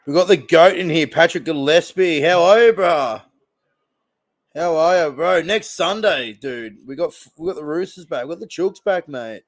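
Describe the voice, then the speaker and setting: A young man with an Australian accent, his voice a little high and his speed normal, chats casually while hosting a live stream watch-along. He reacts to the plays and rambles across topics.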